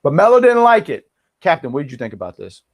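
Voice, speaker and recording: A man's voice: a little high, huge pitch swings, quick pace. A man co-hosting a wrestling podcast, chatting casually with a joking, mock-boastful manner. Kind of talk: casual chat.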